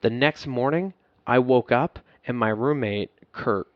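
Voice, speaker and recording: Profane former soldier telling a story. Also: male voice, mid-range voice, measured pace, no echo, lo-fi sound. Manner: profane, emotional, laughs at himself. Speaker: podcast guest. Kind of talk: candid storytelling.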